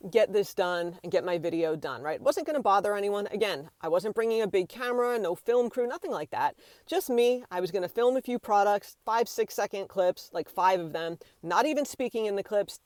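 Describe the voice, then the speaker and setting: A woman vlogger recounting a story in a casual, animated way, with many fillers and acted-out quotes. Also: medium pitch, no room sound, clean studio sound. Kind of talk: storytime vlog.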